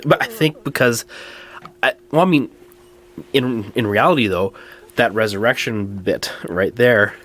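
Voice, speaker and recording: A man co-hosting a podcast, talking in a measured, thoughtful way in casual chat, with wry laughs. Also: mid-range voice, a bit bright. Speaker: podcast co-host.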